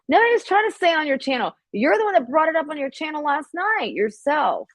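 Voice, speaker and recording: A woman's voice: sits high, big pitch swings, a little fast, few pauses, no echo. Woman ranting on her livestream, cusses a lot, dry close sound. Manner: rambling, profane, talks straight to her viewers. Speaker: livestream host. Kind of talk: casual live-stream chat.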